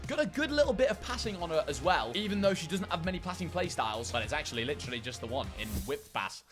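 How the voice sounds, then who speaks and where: A young man commentating on a game squad he has built, playful and jokey, with silly catchphrases and bursts of excitement. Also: fairly high pitch, fast talker, soft background music. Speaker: gaming YouTuber. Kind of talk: enthusiastic squad-builder commentary.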